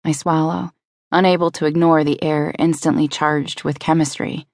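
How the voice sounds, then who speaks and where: A woman reads a first-person romance audiobook in a measured, intimate manner. Her voice is low and gravelly with some vocal fry. The close studio recording is dry and free of room sound. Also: little pitch movement, no echo. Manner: measured, intimate, descriptive reading. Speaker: audiobook narrator.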